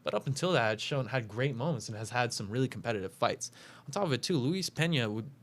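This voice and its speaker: A man's voice: mid-range voice, expressive, quick pace. A man hosting a casual talk show, breaking down upcoming fights with lots of fillers and self-corrections. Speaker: podcast host making fight picks.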